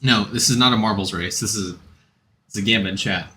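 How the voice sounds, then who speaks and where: A man's voice: on the low side, a little fast, pushed and bright, slight background noise. A man streaming a game, chatting casually and rambling as he answers chat and gives game tips.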